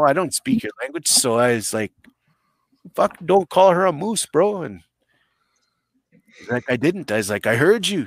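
A man's voice: mid-range voice, dry recording, studio quality. Rambling, blunt man spinning a story. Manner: rambling, blunt, profane, jumps into shouted impressions. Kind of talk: improvised comedic storytelling.

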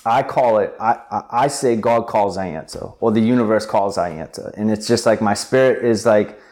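A young adult man, an interview guest, telling a personal story in an animated way with many filler words. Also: fairly low pitch, moderate pace. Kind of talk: conversational storytelling.

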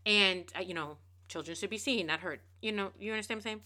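Bright-voiced woman telling a candid story. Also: mid-range voice, quick pace. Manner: candid, animated, swearing freely. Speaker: podcast host. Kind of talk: casual storytelling monologue.

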